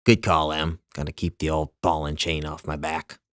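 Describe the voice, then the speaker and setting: A man voicing a loud, careless adult uncle who talks at a booming, offhand volume without ever sounding sorry. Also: level tone, moderate pace, dry recording, studio quality.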